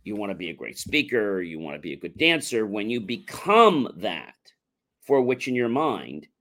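A man's voice: fairly low pitch, sing-song, normal speed, a bit bright. A man on a talk show explaining a mindset technique, coaching listeners and acting out repetitive self-talk.

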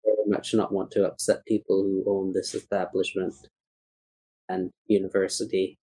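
A man playing a tabletop game, talking in character as a cat-like adventurer in a slow, deliberate, mock-formal way. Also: sits low, flat delivery, dark tone, slightly rough, low-quality recording.

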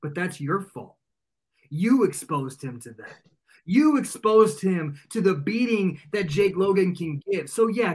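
A pro wrestler guest cutting a cocky, taunting wrestling promo with a menacing edge. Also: male voice, high-pitched, lively intonation, measured pace.

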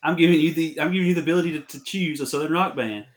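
Male game show host, playful and mock-bossy, slightly higher voice. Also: very fast. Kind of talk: casual game show hosting.

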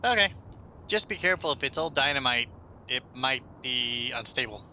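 A man's voice: mid-range voice, normal speed, slight background noise. A man playing a tabletop game, joking and bantering in character. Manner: jokey, excitable in-character banter. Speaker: player. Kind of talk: tabletop game play chat.

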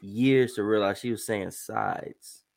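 Man, podcast host, casual storytelling, animated, playful voices. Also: lowish voice, takes it slowly, creaky. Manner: animated, slips into exaggerated voices for stories.

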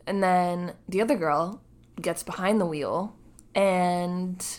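A woman joins a relaxed movie review chat, speaking slowly and without hurry. She adds wry quips and fills in plot details. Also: fairly low pitch. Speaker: podcast co-host.

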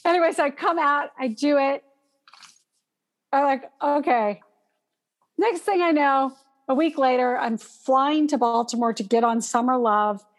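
A woman telling a personal story in casual conversation, animated and acting out gasps as she goes. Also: high voice, a little slow, pauses often. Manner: animated, acts out gasps and panicked breathing.

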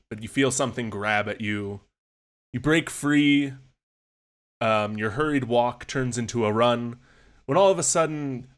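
A man co-hosting a podcast, setting a scene in second person with measured, storytelling delivery. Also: mid-range voice. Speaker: podcast co-host. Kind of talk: casual chat, storytelling.

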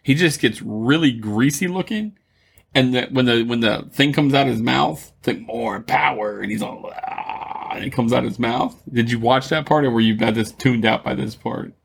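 A man's voice: medium pitch, moderate pace, vocal fry, slightly rough. A man co-hosting a casual podcast, recapping a film plot with wry asides. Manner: wry, summarizes plot then riffs. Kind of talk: casual chat.

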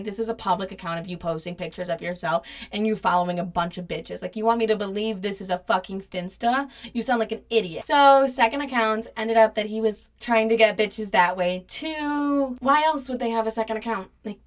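Profane, animated young woman telling a story. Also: medium pitch. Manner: profane, animated retelling with quoted voices. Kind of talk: casual storytelling monologue.

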